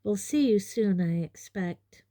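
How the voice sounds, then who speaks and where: A cheerful, breezy young witch tosses off friendly goodbyes in a storybook reading, voiced by a woman. Her tone stays warm and mellow, recorded close in a dry room. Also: mid-range voice, expressive, measured pace, no room sound, lightly acted.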